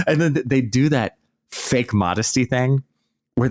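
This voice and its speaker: A man's voice: mid-range voice, animated, moderate pace, a little mellow. A man hosting a podcast, ranting in a sarcastic, mocking, exasperated way. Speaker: podcast host. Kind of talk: casual podcast rant.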